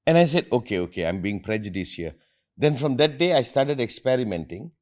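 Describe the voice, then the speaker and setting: A man's voice: medium pitch, sing-song, fairly quick, a little mellow. A middle-aged man from India, hosting an earnest motivational talk with his family and repeating phrases for emphasis. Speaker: host and motivational speaker.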